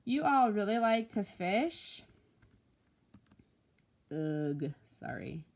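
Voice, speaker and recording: A woman Spanish teacher walking through homework answers, explaining patiently and slowing down to pronounce each Spanish example. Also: mid-range voice, big pitch swings, vocal fry, darkish tone. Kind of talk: recorded homework walkthrough.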